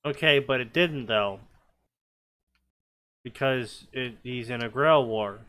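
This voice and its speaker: A man's voice: mid-range voice, slow pace, fairly bright tone. A man reading fanfiction aloud and breaking off into sarcastic, nitpicking commentary, often stammering as he restarts his sentences.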